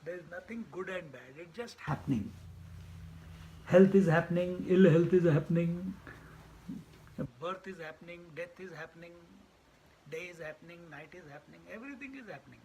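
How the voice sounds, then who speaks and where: A man's voice: high-pitched, moderate pace, mellow, lo-fi sound, a little hiss or hum. A man giving a spiritual discourse as a teacher, repeating key phrases for emphasis. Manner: laughs often while telling stories.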